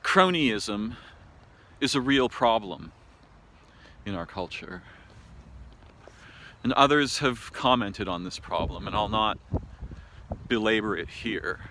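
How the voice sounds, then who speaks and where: An American man speaking an unscripted monologue to camera, thoughtful and halting, with many pauses, fillers and restarts. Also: on the low side, lively intonation, sharp tone. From United States. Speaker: video essayist. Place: home in a city. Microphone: camera mic.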